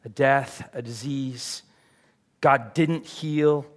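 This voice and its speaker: A man's voice: mid-range voice, steady tone, very slow. A man preaching a sermon as pastor, earnest and confessional, building to emphatic peaks.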